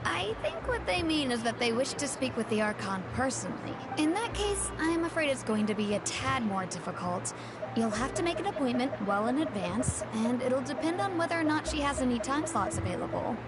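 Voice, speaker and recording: A woman's voice: high voice, sing-song, a little fast, heavy background noise. A woman voicing a friendly young townswoman in a video game, chatty and upbeat.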